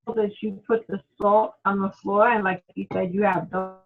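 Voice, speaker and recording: A woman's voice: medium pitch, flat delivery, moderate pace, faint music behind. A woman student on a video call asking a hesitant, polite question. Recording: tinny phone-like call audio.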